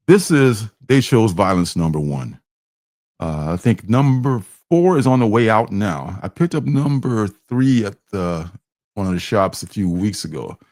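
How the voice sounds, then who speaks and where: A man's voice: on the low side, a little mellow, no echo, studio quality. A man hosting a comic book livestream, chatting casually and rambling with fillers and restarts, sometimes acting out characters' lines.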